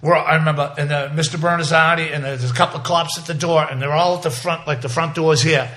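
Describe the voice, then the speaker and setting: A man's voice: fairly high pitch, steady tone, fast talker, sharp tone. A man, telling a vivid, profane, rambling story in a casual interview, full of restarts. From South Boston. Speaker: interview guest.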